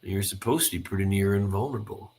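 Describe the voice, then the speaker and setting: A man doing a drawling deep sniper. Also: fast, a little mellow, close to an everyday voice. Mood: menacing. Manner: drawling, folksy menace. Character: cold male mercenary sniper. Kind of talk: comic read-through acting.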